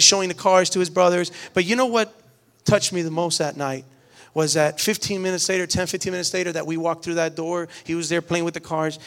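Pastor in his thirties, lively family-story sermon, raspy slightly higher voice. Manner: animated storytelling with quoted voices.

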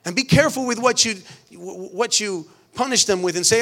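A man's voice: sits high, brisk, hardly any pauses, a bit bright. A middle-aged man preaching a sermon to a church, earnest and emphatic, often restarting phrases. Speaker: pastor.

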